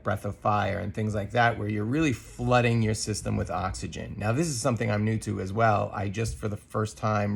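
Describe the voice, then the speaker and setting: A man speaks in a slightly low, gravelly voice with a husky edge. He is a podcast co-host sharing a personal experience, earnest and thoughtful, pausing with ums and starting sentences over as he works through his thoughts. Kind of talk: reflective personal monologue.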